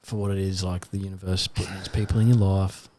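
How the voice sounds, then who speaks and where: Lowish-voiced man hosting a podcast. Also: little pitch movement, fast talker, dark tone. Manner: supportive, thoughtful listener. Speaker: podcast host. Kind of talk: casual podcast chat.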